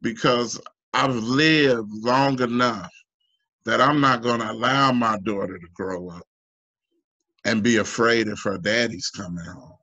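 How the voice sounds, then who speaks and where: A man from the United States giving halting, emotional personal testimony in an online town hall, full of restarts and fillers, his pitch climbing when he pleads. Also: bright, forceful tone, lo-fi sound. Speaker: union member asking a guest.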